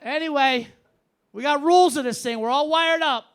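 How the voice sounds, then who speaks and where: A man's voice: extremely high pitch, normal speed, fairly bright tone. A man doing a stand-up set in a club, ranting sarcastically and swearing freely. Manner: loose, profane, sarcastic ranting. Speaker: stand-up comedian. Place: comedy club stage.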